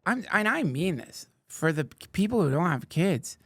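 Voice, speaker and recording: A man's voice: sits high, very animated, moderate pace, fairly bright tone, dry recording. A man and parent in a casual podcast conversation, telling stories in a profane way. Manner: profane, storytelling.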